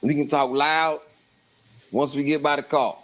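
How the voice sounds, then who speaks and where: A man telling a comic story, laughing as he goes and jumping into loud voices for the people in it. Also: measured pace, low-quality recording. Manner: animated, laughing through the story, jumps into loud high voices for other people. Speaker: storyteller on a livestream show.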